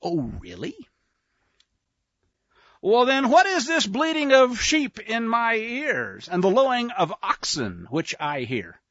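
A sarcastic, scolding old prophet, voiced by a man teaching, swinging his voice up and down as he rebukes a king. The tone stays bright and sharp, and the sound is dry and lo-fi. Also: high-pitched, big pitch swings, moderate pace, no echo, pitched above the performer's own voice, full character voice.

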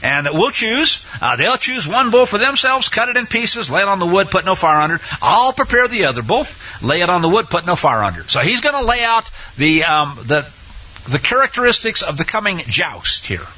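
Animated high-voiced male preacher, lo-fi. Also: brisk, slightly rough. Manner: animated, colloquial, acts out quotes with shouts. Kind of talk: sermon retelling scripture. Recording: dull lo-fi recording.

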